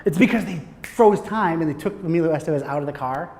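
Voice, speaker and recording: Man, high voice, animated storyteller, swears freely, casual talk, reverberant hall. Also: fast, creaky, slight background noise. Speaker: guest speaker on filmmaking. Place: conference room.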